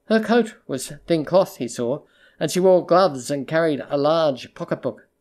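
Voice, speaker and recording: A measured audiobook narrator reading literary fiction in a steady, mid-pitched voice. The delivery is even and controlled, with a pace that quickens and slows along with the story.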